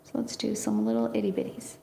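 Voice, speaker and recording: A woman in her thirties chatting warmly through a painting lesson, encouraging and quick to laugh. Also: medium pitch, sing-song, gravelly, echoey room. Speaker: art teacher. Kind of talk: casual painting tutorial.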